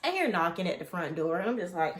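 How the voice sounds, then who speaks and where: A woman's voice: lowish voice, fast, background noise. A young woman telling a story in a casual, chatty way that wanders off on tangents as she relives what happened. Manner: chatty, digressive, animated retelling. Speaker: vlogger. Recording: echoey room.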